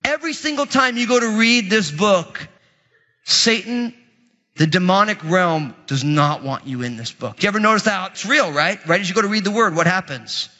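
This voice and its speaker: High bright-voiced guy preaching, chatty and dramatic, long hall echo, kinda muffled. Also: normal speed. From Italian heritage. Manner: animated, conversational preaching with dramatic asides. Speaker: pastor. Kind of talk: sermon.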